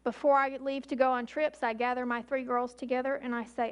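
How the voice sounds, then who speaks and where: A woman in her forties, an emergency physician, giving an emphatic public talk with slow, deliberate pauses. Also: sits high, flat delivery, clean tone.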